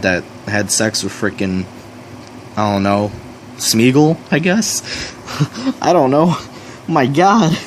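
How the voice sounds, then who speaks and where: A young man delivering mocking reaction commentary in a slow, drawn-out way, his voice swinging widely between low mutters and high sarcastic yelps. He swears constantly and stays crude and sarcastic throughout. A faint hiss sits under his voice. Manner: crude, sarcastic, heavy swearing, mock-shouting. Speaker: commentary host.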